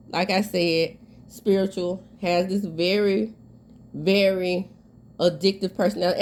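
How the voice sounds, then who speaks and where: A woman's voice: on the low side, fairly even intonation, unhurried, darkish tone. A woman, giving casual, emphatic commentary with a stuffy nose. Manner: candid, emphatic, sassy. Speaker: commentary vlogger.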